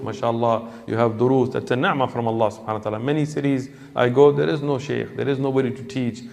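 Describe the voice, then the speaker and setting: Gravelly-voiced man preaching. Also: mid-range voice. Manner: lively storyteller acting out dialogue. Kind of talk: storytelling sermon. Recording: long hall reverb.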